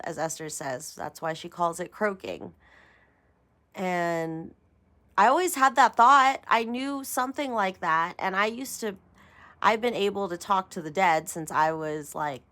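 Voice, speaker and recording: A woman talks loosely to her viewers as a tarot reader, wandering from thought to thought. She laughs easily and teases herself between points. Her voice sits at a middle pitch, neither high nor low. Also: a bit bright. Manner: rambling and chatty, laughing often, with self-mocking asides. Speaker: tarot reader and channel host. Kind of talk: casual spiritual vlog chat.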